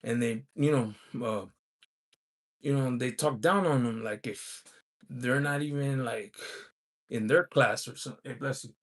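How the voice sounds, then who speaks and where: A man's voice: medium pitch, measured pace. A man hosting a casual livestream, rambling with many fillers as he reads chat comments aloud. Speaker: livestream host reading chat.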